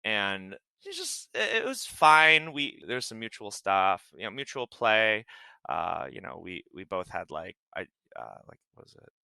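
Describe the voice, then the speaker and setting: A man telling stories on a podcast in a loose, rambling way, full of fillers and bursts of laughter. His voice is strikingly bright and forceful, and it swoops up and down a lot. The sound is close and dry. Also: lowish voice, very animated, measured pace, creaky, clean tone, no room sound. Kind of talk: casual chat.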